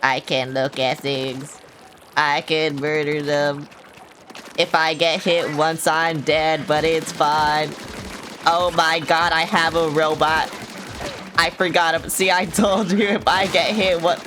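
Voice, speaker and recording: A woman's voice: sits low, little pitch movement, takes it slowly, noisy background. A young woman streaming a game, chatting casually, swearing and reacting dramatically as she rambles. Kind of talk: casual gaming livestream chat. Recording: music playing over the voice.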